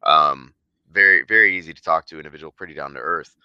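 A man talking as a podcast guest in casual chat, an animated storyteller who swears freely. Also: extremely low pitch, fast talker, smooth, no room sound, dull audio. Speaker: podcast guest, jiu-jitsu black belt.

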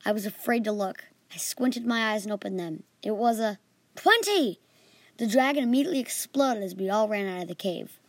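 A woman's voice: medium pitch, fast, few pauses, dry recording. A female podcast host reading her own fantasy adventure story in an earnest way, with small slips.

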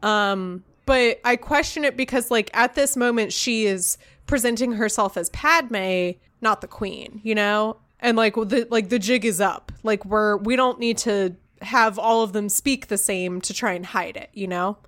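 A woman co-hosting a casual podcast chat, talking in an animated way and filling her speech with "like.". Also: mid-range voice, a little slow, few pauses. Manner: chatty, frequent "like" fillers, animated. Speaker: podcast co-host.

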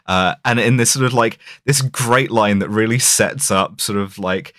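A low-pitched man co-hosting a podcast, talking through a film scene by scene. He rambles, restarts, and leans on fillers. The sound is dry and close. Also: normal speed, a bit bright, no echo. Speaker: podcast co-host. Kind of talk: casual film discussion.

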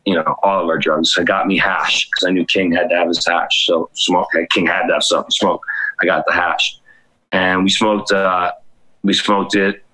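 Bright-voiced man telling rambling stories. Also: low voice, low-quality recording. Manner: rambling, profane anecdotes with acted quotes. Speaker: guest storyteller. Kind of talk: casual podcast chat.

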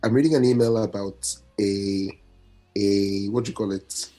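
A man's voice: lowish voice, fairly even intonation, normal speed, warm tone, faint music behind. A man co-hosting a podcast in casual chat, talking in a flustered, rambling way and correcting himself often. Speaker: podcast co-host.

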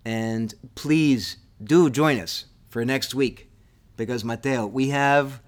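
A man's voice: mid-range voice, takes it slowly. A man co-hosting a history podcast in casual chat, enthusiastic and eager as he wraps up the episode. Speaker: podcast co-host.

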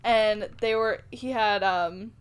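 A woman's voice: medium pitch, steady tone, slow pace, clean tone. A young woman co-hosting a podcast, chatting casually with rambling, giggly asides. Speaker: podcast co-host. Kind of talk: casual chat.

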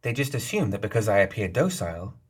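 A man's voice: on the low side, sing-song, fast talker, slightly rough. A man reading the lines of a sly, smug female geisha leader in an audiobook, playful and knowing in tone. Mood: smug, teasing.

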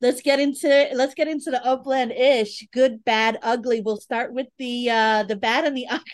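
A woman hosts a podcast in loose, easygoing chat, laughing often. Her voice sits high. The sound is dry and close. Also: fairly even intonation, moderate pace, dry recording. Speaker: podcast host.

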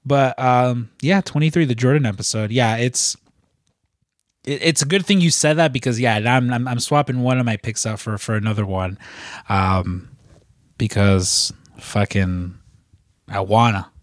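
A man's voice: mid-range voice, a little slow, no echo, clean studio sound. Rambling, swearing young man. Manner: rambling, profane storytelling with frequent fillers. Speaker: podcast co-host. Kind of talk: casual chat.

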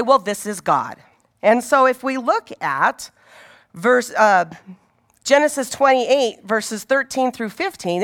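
Woman, informal Bible teacher, chatty and animated, mid pitch, very lively intonation. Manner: conversational, animated, asks rhetorical questions.

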